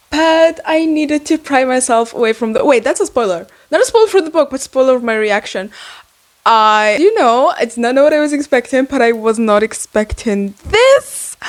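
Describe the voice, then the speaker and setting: A young woman with a slight non-native accent rambles casually about a book she is reading, full of fillers and asides. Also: high-pitched. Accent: non-native English. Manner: chatty and rambling, lots of fillers. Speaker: book vlogger. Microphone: handheld mic, then set in lap.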